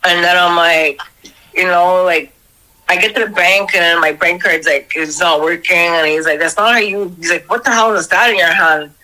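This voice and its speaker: A woman's voice: on the low side, normal speed, poor audio. A young woman casually retelling a strange dream on a podcast, swearing freely and acting out the people in it. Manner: profane, animated retelling of a dream. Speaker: podcast storyteller. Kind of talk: casual storytelling.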